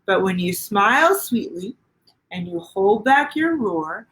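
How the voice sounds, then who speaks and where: Here a middle-aged woman pastor shares a children's picture book aloud, sing-song and gentle, breaking off to quiz the little ones. Her mid-range voice swings widely in pitch, and the recording quality is low.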